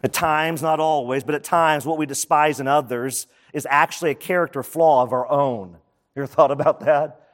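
The pastor's tone stays steady as he preaches in a conversational manner, his voice slightly high. Quick asides punctuate his points, all wrapped in the long reverb of a large hall.

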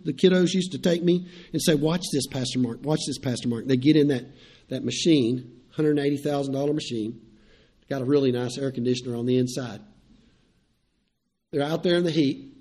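A man, a pastor, preaching a sermon, swinging from loud emphatic lines to quiet storytelling. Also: on the high side, fairly even intonation, fairly quick.

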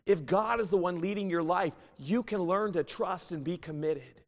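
A man in his thirties preaching a sermon as pastor, swinging between fervent, rising bursts and hushed, tender pleas. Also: high-pitched, normal speed. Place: church sanctuary. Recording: long church reverb.

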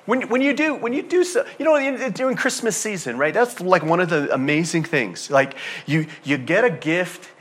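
A man preaching a sermon as pastor, conversational and animated, dropping to soft asides and climbing to loud emphatic peaks. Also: sits high, moderate pace, few pauses. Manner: conversational, with fillers and repeated phrases.

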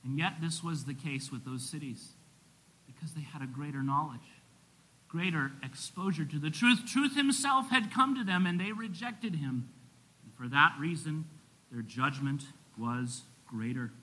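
Man, pastor, sermon, bright ringing voice, fairly high, earnest preaching. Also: measured pace, rough recording. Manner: earnest preaching, rising loud for emphasis and dropping low.

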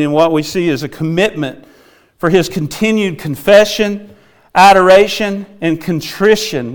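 Man, sermon, earnest preacher, asks his listeners questions, high voice, smooth tone. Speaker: pastor.

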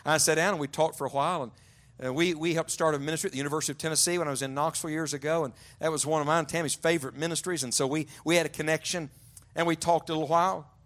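A man preaching a sermon to young adults, telling stories and often dropping to a hushed, low voice for emphasis. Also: steady tone, very fast. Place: large church auditorium.

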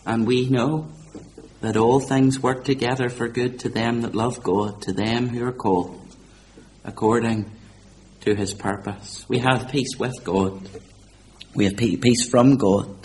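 A man preaching a sermon, swinging from loud, high-pitched exhortation to quiet, slow, low emphasis. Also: fairly even intonation, slight background noise.

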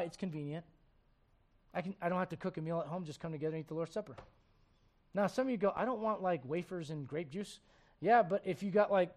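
High-voiced man preaching with rhetorical questions. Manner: swings between loud preaching and low, quiet asides. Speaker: pastor. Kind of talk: sermon.

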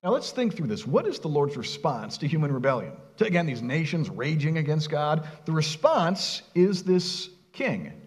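A male pastor preaching a sermon in a conversational, animated way, asking his listeners rhetorical questions and speaking casually with them. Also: a little high, normal speed, hardly any pauses. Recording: long reverb of a large hall.

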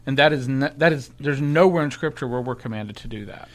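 A man's voice: medium pitch, fairly quick. A man co-hosting a church discussion podcast, thinking aloud and restarting his sentences as he searches for words. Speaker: podcast co-host.

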